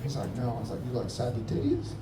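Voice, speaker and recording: A man's voice: medium pitch, huge pitch swings, fast. A man doing loose, laughing stand-up crowd work, teasing the audience from a comedy club stage. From Middle Eastern heritage, Persian father. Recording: echoey room, distant, noisy crowd.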